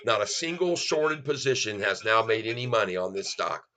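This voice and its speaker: A man's voice: fairly low pitch, lively intonation, moderate pace, pushed and bright. A middle-aged man, hosting a stock livestream and calling out chart moves in exclamations to his viewers. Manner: exclamatory, talks straight to viewers as folks. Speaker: stock market livestream host. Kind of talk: excited live commentary on a stock chart.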